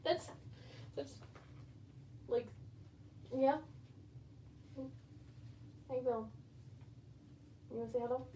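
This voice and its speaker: A woman's voice: a little high, flat delivery, takes it slowly, long pauses, warm tone. A woman reading a storybook aloud to a baby rabbit at home, with chatty asides to her pet. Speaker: rabbit-keeping homesteader and channel host. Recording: echoey room, distant mic, faint background noise.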